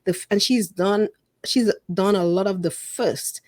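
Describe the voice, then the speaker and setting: A woman guest on a casual interview podcast, telling her stories in an animated way, acting out what people said and laughing often. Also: medium pitch, unhurried, no echo, studio quality. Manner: animated storyteller who acts out quotes and laughs often. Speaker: podcast guest and fellow podcast host.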